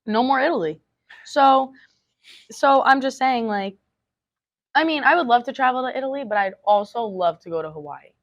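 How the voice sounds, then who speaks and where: A woman's voice: a little high, expressive, normal speed, long pauses, dull audio. A teenage girl, a student, chatting casually with her teacher, using "like" often. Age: teens. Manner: giggly, uses filler 'like' a lot. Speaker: student interviewer. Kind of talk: casual chat over wings.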